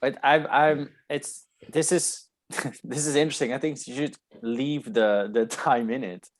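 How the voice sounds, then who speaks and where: A man's voice: medium pitch, steady tone, measured pace. A man speaking as a guest on a podcast in casual conversation, thoughtful and hesitant as he searches for the right words.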